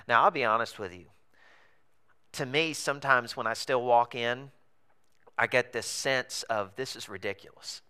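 Bright, clear-voiced pastor telling stories. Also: male voice, medium pitch, moderate pace, pauses often. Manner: casual, chatty, with frequent fillers and chuckles. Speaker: pastor planting a church. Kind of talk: conversational sermon storytelling. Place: theater in a comedy club.

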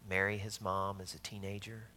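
A man with a Southern US accent preaching a sermon, telling stories with loud emphasis and hushed asides. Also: on the low side, little pitch movement, moderate pace, slight background noise. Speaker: pastor.

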